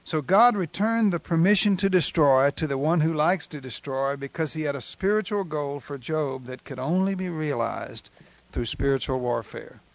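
A man preaching a sermon in a folksy, animated storytelling manner, retelling scripture with acted quotes. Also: a little high, normal speed, gravelly, no echo.

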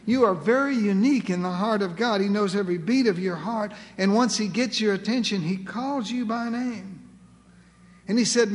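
Preaching with earnest conviction, a pastor with a high voice repeats his key phrases and slows his delivery to stress them. A large hall's long reverb swallows the ends of his lines.

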